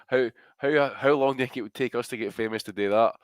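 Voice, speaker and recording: A man co-hosting a podcast, ranting with animated disbelief and swearing. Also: medium pitch, fast, clean tone, no echo. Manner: animated, incredulous rants. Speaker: podcast co-host. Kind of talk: casual podcast banter.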